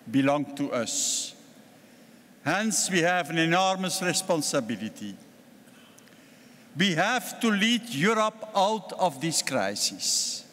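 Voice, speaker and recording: An older man with a Belgian accent giving a formal political speech at a party congress, measured and deliberate with emphatic stresses. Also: on the high side, a bit bright, a little hiss or hum. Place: large congress hall. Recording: long hall reverb from a congress venue.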